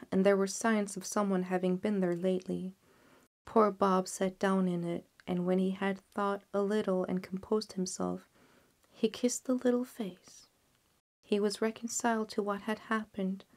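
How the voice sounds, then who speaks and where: A woman narrating a classic story, softly and often near a whisper. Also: mid-range voice. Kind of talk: audiobook narration.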